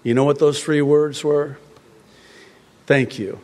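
A man's voice: fairly even intonation, takes it slowly, pauses often, darkish tone. A man preaching a sermon, emphatic and growing heated as he drives his point home. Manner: emphatic, grows heated and rises in pitch. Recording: long reverb of a large hall.

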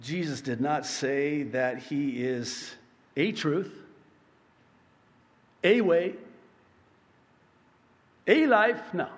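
A man preaching a sermon as pastor, emphatic, swinging between loud yelling and hushed, quiet passages. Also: a little high, very slow, long pauses, long reverb tail.

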